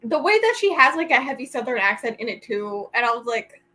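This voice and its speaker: Giggly, chatty woman with a higher voice. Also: big pitch swings, fairly quick, sharp tone, poor audio. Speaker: vlogger hosting reading sprints. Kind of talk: casual chat to a friend.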